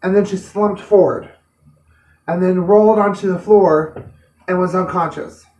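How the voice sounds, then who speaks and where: A woman's voice: fairly low pitch, steady tone, unhurried, darkish tone. A woman vlogger telling a personal story to camera in an earnest, plain-spoken way. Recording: roomy, distant mic.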